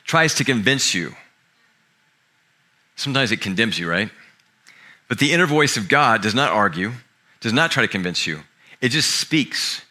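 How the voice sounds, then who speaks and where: A man's voice: mid-range voice, sharp tone. A middle-aged man preaching a sermon as pastor, talking in a conversational, self-deprecating way with asides and repeated starts.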